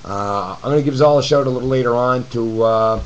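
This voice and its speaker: A man's voice: medium pitch, fairly quick, lo-fi sound, a little hiss or hum. A man giving a blunt, profane, rambling webcam rant to his viewers from his apartment. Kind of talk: ranting webcam video reply. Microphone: camcorder mic.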